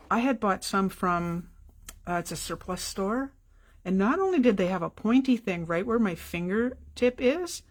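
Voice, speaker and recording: A middle-aged woman hosting a live card-making tutorial from her home craft room, chatty and quick, with apologetic asides. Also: medium pitch.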